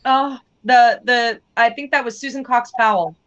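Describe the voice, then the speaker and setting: A woman joins a casual livestream as a guest, her voice slightly high. She rambles, restarts and often loses her thread, with a lot of "like" in her talk. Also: fairly even intonation, moderate pace, a bit bright, muffled recording. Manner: rambling, loses her train of thought, says 'like' often.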